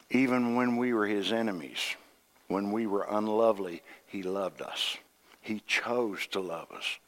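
A middle-aged man, an associate minister, preaching a sermon with folksy humor, acting out dialogue and swinging from hushed tones to loud outbursts. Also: fairly low pitch. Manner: acts out dialogue in quoted voices.

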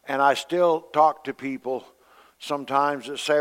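A man preaching a sermon in a conversational way, acting out the voices he quotes and swinging between loud and soft. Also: mid-range voice, steady tone, measured pace, clear, resonant tone. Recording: long hall reverb.

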